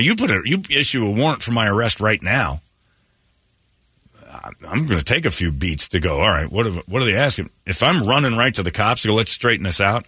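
Male morning-radio host, brash storyteller, bright forceful tone. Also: on the low side, husky, no echo, studio quality. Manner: brash storytelling with mocking voices. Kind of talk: casual talk radio banter.

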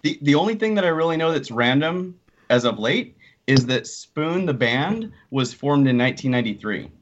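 Male guest, mid-pitched and easygoing, dull recording. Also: animated, normal speed. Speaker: professor, podcast guest. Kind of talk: casual chat. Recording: slightly dull, muffled sound.

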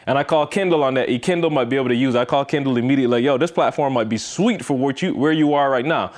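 A man's voice: medium pitch, racing. A man hosting a podcast in casual motivational talk, emphatic and repeating his points for stress. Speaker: podcast host.

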